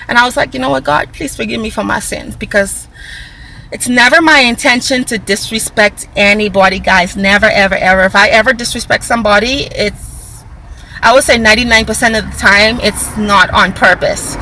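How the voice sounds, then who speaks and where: Woman doing a storytime vlog, bright kinda high voice, animated, slight background hiss. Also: normal speed, creaky, poor audio. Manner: animated storytelling, addresses viewers as guys; acts out quoted dialogue in raised voice. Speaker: vlogger.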